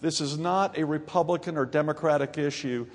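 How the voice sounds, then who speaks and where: A man's voice: on the high side, a little fast. Folksy Southern-accented man in a hall. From grew up in Ohio and North Carolina. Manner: folksy, joking, gets louder and more emphatic. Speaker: mayor giving a speech. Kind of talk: conference speech. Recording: long hall reverb.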